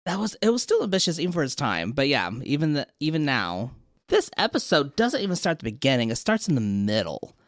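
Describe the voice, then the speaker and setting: A man talks through a TV episode on a podcast with a bouncy, lively voice that rises and falls a lot. He keeps jumping into little character voices while he explains the plot. The sound is close and dry. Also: fairly high pitch, brisk, no room sound. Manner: animated, acts out characters' lines while retelling. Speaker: podcast co-host. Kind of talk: casual chat recapping a TV episode.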